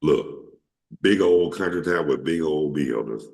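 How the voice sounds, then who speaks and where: A man's voice: extremely low pitch, expressive, unhurried, gravelly, a little mellow. A man from Atlanta with a Georgia Southern accent, hosting a casual chat and telling stories. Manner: storytelling, repeats himself, acts out quotes. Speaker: host.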